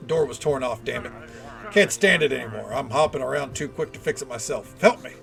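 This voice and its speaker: A man voicing a frantic, impatient villager who pleads loudly for help with repairs. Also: mid-range voice, expressive, brisk, gravelly, faint music behind.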